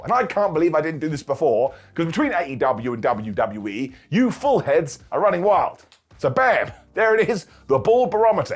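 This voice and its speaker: Lively husky-voiced man recapping wrestling. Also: on the high side. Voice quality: bald-joke running gimmick host. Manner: animated, jokey, laughs often. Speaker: wrestling show reviewer. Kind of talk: casual recap commentary.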